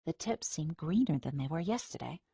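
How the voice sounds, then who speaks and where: A woman reading a first-person audiobook in a steady, measured storytelling manner. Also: low voice, vocal fry, breathy edge, no echo. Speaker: audiobook narrator. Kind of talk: scripted first-person narration. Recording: dry studio recording.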